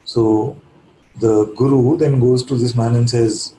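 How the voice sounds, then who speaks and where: Calm male spiritual teacher, mellow voice. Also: mid-range voice, slow pace, a little hiss or hum. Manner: calm, reflective, keeps asking "you see?". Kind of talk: satsang talk with a parable. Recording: echoey room.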